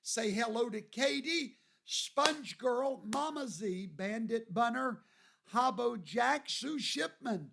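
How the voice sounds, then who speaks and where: A man from Louisiana, hosting a livestream and greeting viewers by name in a folksy, drawn-out way. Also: very high-pitched, animated, gravelly, background noise. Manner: folksy, drawn-out, reads viewer names aloud. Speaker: show host.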